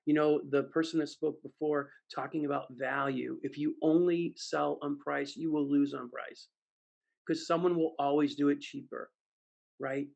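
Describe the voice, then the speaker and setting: A man delivers a conference keynote as a sales trainer, animatedly telling stories and acting out the voices of audience members. His voice is slightly high and creaky at a moderate pace, and the recording has its highs cut off.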